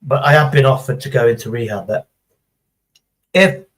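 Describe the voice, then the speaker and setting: A man's voice: mid-range voice, normal speed, poor audio. Middle-aged guy on a stream, rambles and swears a lot, sarcastic chat. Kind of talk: casual chat.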